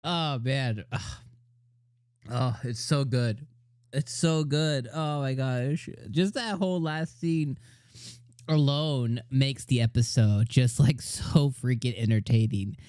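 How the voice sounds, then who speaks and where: A man's voice: medium pitch, slow pace, a little mellow, smooth, dry recording, clean studio sound. A man hosting an anime review channel, chatting casually, rambling and laughing often as he retells scenes.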